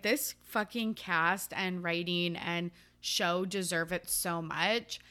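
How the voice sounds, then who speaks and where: Bright, smooth-voiced young woman podcaster. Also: medium pitch. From Pacific Northwest. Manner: chatty, swears, laughs often. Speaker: podcast host. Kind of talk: casual chat.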